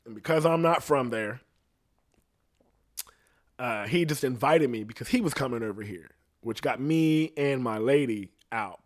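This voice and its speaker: A young man telling a story in a loose, profane, animated way. He drops to low, hushed tones for tension, and his voice sits at an ordinary middle pitch. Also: unhurried. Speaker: guest. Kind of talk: casual storytelling.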